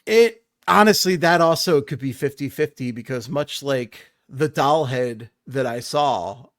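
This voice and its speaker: A man's voice: medium pitch, a little slow, fairly bright tone. A man co-hosting a podcast in casual chat, joking in a sardonic way. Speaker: podcast co-host.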